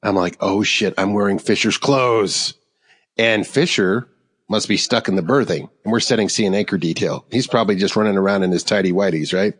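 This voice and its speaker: A middle-aged man co-hosting a podcast, telling a story in a rambling, animated way and laughing along with it. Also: low voice, fast. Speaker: podcast co-host. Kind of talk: casual storytelling. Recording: long hall reverb.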